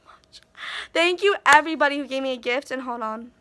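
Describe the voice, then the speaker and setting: A woman's voice: sits high, expressive, moderate pace, pushed and bright. A teenage girl chatting through a casual birthday haul vlog, gushing and bubbly, full of fillers and asides to herself. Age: teens. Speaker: vlogger.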